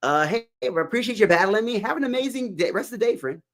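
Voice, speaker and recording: A man's voice: high-pitched, lively intonation, fast talker, fairly bright tone. A man from Texas hosting a casual livestream, upbeat and repeating calls to tap the screen. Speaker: livestream host.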